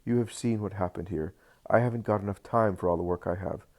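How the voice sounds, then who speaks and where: A man's voice: lowish voice, brisk, a little mellow, natural voice. A man reading the part of a devoted husband who firmly comforts his wife in a spoken storybook. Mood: reassuring. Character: devoted husband, steady and reassuring.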